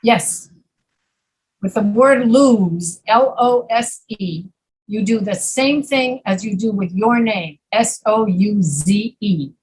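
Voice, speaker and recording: A woman teaching an English pronunciation class, patiently repeating words slowly to demonstrate sounds. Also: medium pitch, lively intonation, a little mellow, slightly rough, poor audio. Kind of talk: online pronunciation lesson.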